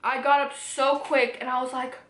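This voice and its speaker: A woman's voice: high-pitched, flat delivery, moderate pace, a bit bright. A young woman vlogger telling a personal story to camera, candid and emotional, swearing freely. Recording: roomy echoey room.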